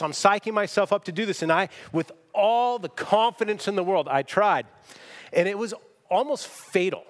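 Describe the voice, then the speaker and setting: A man's voice: sits high, animated, brisk, big-room sound. A man preaching a sermon as pastor, emphatic and self-deprecating as he tells a story to his church. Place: church sanctuary.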